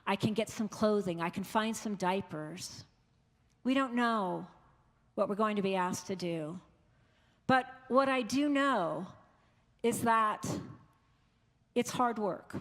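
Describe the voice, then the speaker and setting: A woman pastor giving an earnest, conversational sermon, quoting the people she has met. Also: a little high. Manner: earnest, conversational preaching with quoted voices. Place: large church. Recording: long church reverb.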